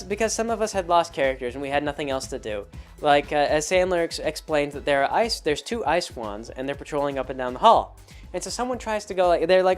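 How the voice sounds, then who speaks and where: A man hosting his show, telling a rambling story about a tabletop game with many restarts. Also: fairly high pitch. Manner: rambling, animated, full of restarts. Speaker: host. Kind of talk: casual storytelling monologue.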